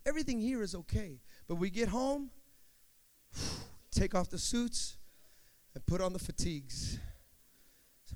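A male pastor preaching a sermon with call-and-response, swinging between shouted emphasis and hushed storytelling. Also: high-pitched, sing-song, measured pace, long pauses.

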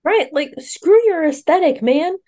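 A woman's voice: high voice, lively intonation, measured pace, dark tone. A woman co-hosting a book podcast, chatting casually and venting with emphasis. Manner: emphatic, vents frustration. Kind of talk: casual chat.

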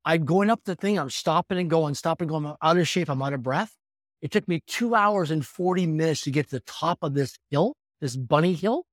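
Fast-talking man in his fifties. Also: a little high, dry recording, clean studio sound. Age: 50s. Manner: energetic, animated storytelling. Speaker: podcast guest. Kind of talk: storytelling in conversation.

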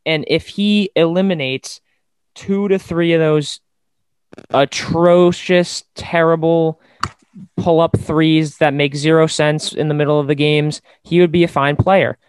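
A man's voice: on the high side, fairly even intonation, unhurried, smooth, no echo. A man hosting a casual sports podcast, rambling and opinionated, with lots of fillers. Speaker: podcast host.

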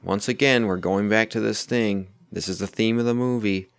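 A man's voice: fairly low pitch, steady tone, normal speed, creaky. A man co-hosting a podcast, giving casual movie commentary in an incredulous, laughing way. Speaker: podcast co-host.

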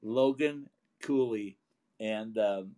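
A man's voice: fairly low pitch, takes it slowly, dark tone. A man co-hosting a casual hockey talk show, chatty and laughing as he tells stories. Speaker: hockey broadcaster, co-host.

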